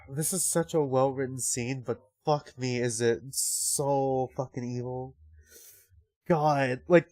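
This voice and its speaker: A man's voice: a little high, dry recording. A young man streaming a story game, reading the text aloud and reacting with emotional, profane outbursts. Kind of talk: game livestream with reactions and read-aloud narration.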